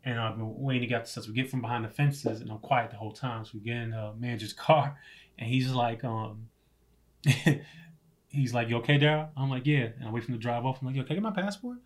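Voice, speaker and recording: A man telling a story in casual chat, animated and laughing often, swearing freely. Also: mid-range voice, fast talker.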